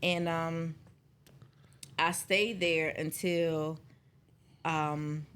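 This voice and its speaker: A woman's voice: low-pitched, very slow, clear, resonant tone. Southern woman telling stories in casual chat. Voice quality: lively storyteller, acts out quoted voices. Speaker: guest.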